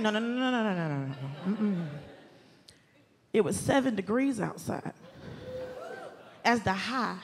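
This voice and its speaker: A woman from the doing stand-up comedy, animated and exasperated, shouting her punchlines. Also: mid-range voice, unhurried, long pauses, slight background noise. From Southern US, Atlanta. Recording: club stage mic with loud crowd laughter. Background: audience laughter and ambience.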